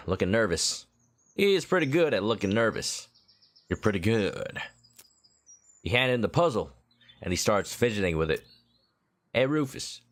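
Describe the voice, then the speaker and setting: A male game streamer reading game text aloud and joking, slipping into a mock southern drawl. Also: on the low side.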